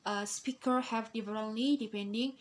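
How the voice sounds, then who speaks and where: A young woman explaining a class assignment as a student, hesitant, with frequent pauses and fillers. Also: a little high, fairly even intonation, poor audio. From Indonesia. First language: Indonesian. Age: young adult. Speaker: student presenter.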